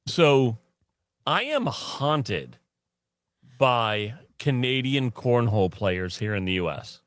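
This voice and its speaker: Animated male podcast co-host, dry sound. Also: mid-range voice, takes it slowly, dry recording. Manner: animated storyteller, laughs often, mimics others. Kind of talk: casual chat.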